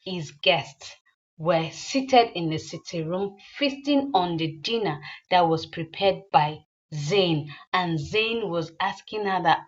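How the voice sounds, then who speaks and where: A woman's voice: fairly low pitch, expressive, takes it slowly, dull audio. Woman casually retelling a movie. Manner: rambling, with fillers and repeats. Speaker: movie recapper.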